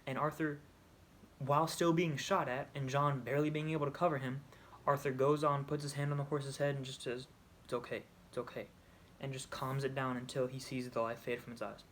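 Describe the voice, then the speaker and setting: A man's voice: medium pitch, level tone, a little fast, fairly bright tone, slight background noise. A man casually retelling a video game story, rambling, restarting and correcting himself as he goes. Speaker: video creator.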